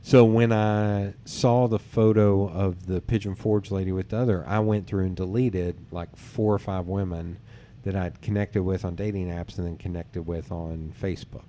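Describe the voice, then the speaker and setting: A man with a lowish, warm, mellow voice hosts a casual podcast chat. He tells his own dating stories in a loose, animated way and slips into other people's voices to quote them. His speech is relaxed and peppered with casual swearing. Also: moderate pace, slight background noise. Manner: animated storyteller who acts out others' lines, swears casually. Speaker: podcast host.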